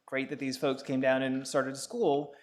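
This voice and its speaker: A man's voice: medium pitch, little pitch movement, normal speed. A man in his fifties from the Bahamas giving a public law lecture, telling personal stories in a conversational way with frequent filler sounds and light chuckles. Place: lecture hall.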